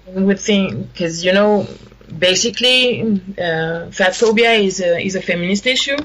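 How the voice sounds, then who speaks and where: A woman with a French accent, a guest in a radio interview, speaking haltingly and searching for words in English. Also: mid-range voice, a bit bright, poor audio. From France. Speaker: guest, activist.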